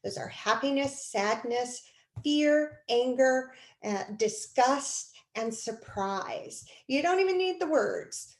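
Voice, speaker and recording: A woman instructor giving a recorded video lecture, lively and expressive, acting out quoted speech as she explains. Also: high-pitched, slow, roomy sound, rough recording.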